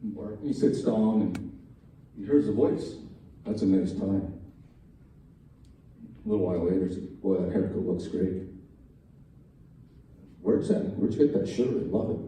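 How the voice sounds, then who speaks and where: Unhurried and pausing often, a man with a low, very mellow voice delivers folksy stand-up jokes at a college talent show, voicing each character slightly differently. The strongly echoing hall places him far away, with faint room ambience and laughter from the audience.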